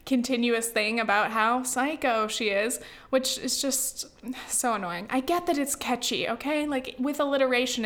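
A woman's voice: a little high, fairly bright tone. Chatty, rambling young woman vlogger. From US West Coast. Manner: rambling, full of "like" and "you know", with sighs and laughs. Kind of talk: casual chatty vlog.

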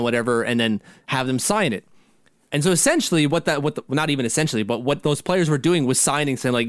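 A man's voice: a little high, a little fast, no room sound. Man, casual sports podcast co-host, rambling, restarts, dry close sound. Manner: rambling, frequent restarts and laughs.

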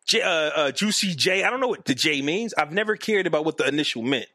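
A man co-hosting a casual podcast chat, teasing his partner in an animated, jokey way. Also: on the high side, fast, no room sound, studio quality. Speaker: podcast co-host. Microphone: podcast mic.

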